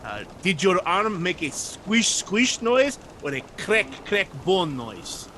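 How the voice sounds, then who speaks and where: A man's voice: high-pitched, very animated, takes it slowly, pushed and bright, slight background noise, pitched above the performer's own voice, heavily acted. A man voicing a gore-hungry sailor. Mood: eager, curious. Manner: prying, relishing questions. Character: ghoulishly eager male sailor, gore-curious.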